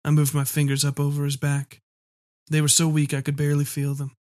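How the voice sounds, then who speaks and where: A man narrating a first-person story in a measured, dark storytelling manner. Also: fairly high pitch, monotone, no room sound, clean studio sound. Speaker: audiobook reader.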